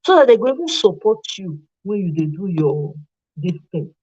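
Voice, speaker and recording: A woman's voice: on the low side, normal speed, husky, no room sound. A woman with a Nigerian accent giving casual commentary as the host, slipping into Pidgin and acting out little scenes. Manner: animated, mixes in Pidgin and acts out little scenes. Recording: dull, dry lo-fi sound.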